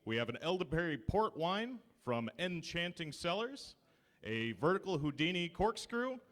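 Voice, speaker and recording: Man, auction contestant, polite introduction, slight hesitations, slightly high voice. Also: sing-song, moderate pace, a bit bright. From Michigan. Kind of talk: auction presentation.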